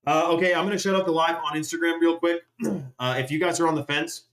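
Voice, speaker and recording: A man's voice: mid-range voice, a bit bright. A man rambles through a casual live-stream rant, peppering his talk with swearing and loose asides. His voice sits in an everyday middle register. The room gives it a noticeable echo. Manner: rambling, profane, conversational. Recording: roomy echoey room.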